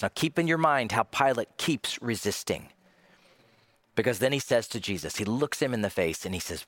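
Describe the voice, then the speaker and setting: A man's voice: mid-range voice, very animated, normal speed, a bit bright, no echo. A male pastor preaching a sermon, dramatic, acting out the voices he quotes.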